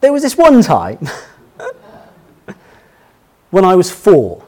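Man quoting a hesitant young boy, a touch high and sing-song. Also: wildly swooping pitch, slow pace, dark tone, full character voice. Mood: sheepish. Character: young boy confessing misbehavior at school.

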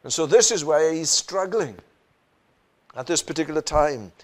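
High-voiced earnest male preacher. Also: animated, normal speed. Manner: earnest, rhetorical questions, frequent "you know" and "isn't it". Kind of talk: sermon.

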